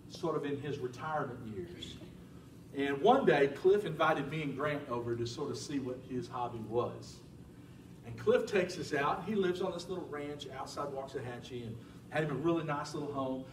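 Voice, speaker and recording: A man preaching a sermon as a pastor in a church, telling stories in an animated way. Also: medium pitch, a little hiss or hum. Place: church sanctuary. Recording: roomy church sound from a distant mic.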